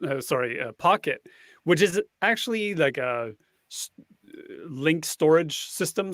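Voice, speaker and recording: A man's voice: medium pitch, dry recording. A man, a guest on a casual panel chat, explaining a tool at length and thinking aloud as he goes.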